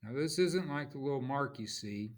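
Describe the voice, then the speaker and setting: A man teaching a lecture on poetry, speaking haltingly with frequent pauses and restarts, sometimes tapping out rhythms aloud. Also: mid-range voice, lively intonation. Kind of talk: classroom lecture.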